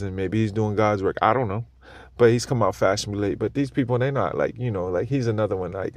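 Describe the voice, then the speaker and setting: A man's voice: fairly low pitch, dry recording. A tired man giving a profane, slang-heavy, meandering crypto monologue, with brain fog and many restarts. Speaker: crypto commentator. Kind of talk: rambling monologue.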